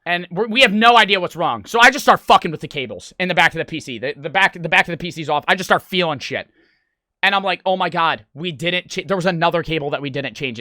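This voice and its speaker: A young man tells a story from his streaming life, and his voice swings between loud outbursts and grumbles. His tone is bright and forceful. The room sound is dry and close. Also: sits high, no echo. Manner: swearing, excitable, acts out quoted voices. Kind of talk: animated storytelling vlog.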